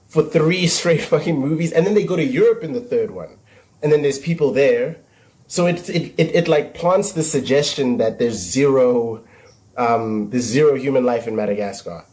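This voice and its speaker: Man, mellow dark voice, exasperated, animated, thinking aloud to camera. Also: medium pitch. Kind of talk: casual monologue to camera.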